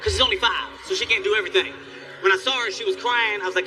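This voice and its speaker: A man doing stand-up comedy on a live stage, telling stories in an animated, profane way. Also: high voice, fast talker, background noise. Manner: animated, loud storytelling with profanity.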